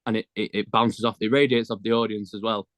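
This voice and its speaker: A man's voice: fairly low pitch, flat delivery, fast talker, no echo. A teenage man, a band member telling stories in slangy, casual chat. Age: teens. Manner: chatty storyteller, slangy.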